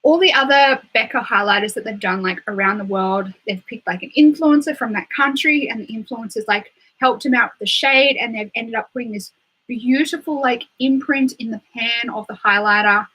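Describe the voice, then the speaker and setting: A woman's voice: a little high, moderate pace, pushed and bright, husky, low-quality recording. A young Australian woman chatting casually on a live stream, filling her talk with "like" and "um". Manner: chatty, full of "like" and "um" fillers. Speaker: beauty livestreamer.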